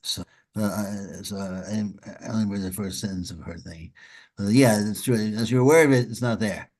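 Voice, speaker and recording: A man leading a study group, talking in a halting way with many repeated words, then reading a story aloud. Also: fairly low pitch, a little mellow.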